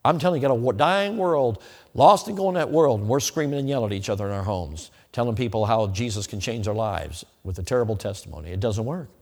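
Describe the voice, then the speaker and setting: Emphatic preacher in a reverberant hall. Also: male voice, medium pitch, lively intonation, fast talker. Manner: emphatic, swings between loud and hushed. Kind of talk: evangelistic sermon with altar call. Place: church sanctuary.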